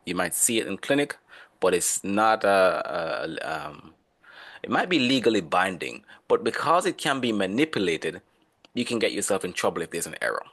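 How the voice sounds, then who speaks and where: A man's voice: low-pitched, sing-song, normal speed, a bit bright. A man teaching an online class, explaining and calling on students by name in a casual, conversational way. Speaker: instructor.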